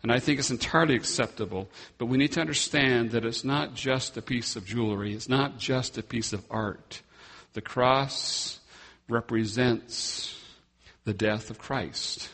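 Husky-voiced preacher in a reverberant church. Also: male voice, mid-range voice, a bit bright. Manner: slow, emphatic preaching with dramatic pauses. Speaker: pastor. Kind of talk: sermon.

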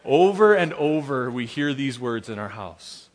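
A man, a pastor praying and then preaching a sermon in an earnest way, with gentle self-deprecating humor. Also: medium pitch, big pitch swings, a little slow, long reverb tail. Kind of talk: sermon with opening prayer.

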